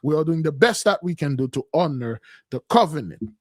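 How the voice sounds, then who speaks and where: A man giving a livestream sermon in a loose, conversational way, repeating phrases and calling his listeners "beloved", with his voice swinging between loud and soft. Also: on the high side, animated, brisk, breathy edge. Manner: repetitive, calls listeners "beloved". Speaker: spiritual teacher leading a community fast.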